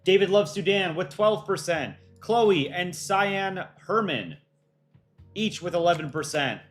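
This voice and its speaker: A man hosting a casual livestream for a cartoon channel, reading viewer questions and thinking aloud in a relaxed, offhand way. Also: high-pitched, measured pace, soft background music. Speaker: livestream host for a countryball animation channel.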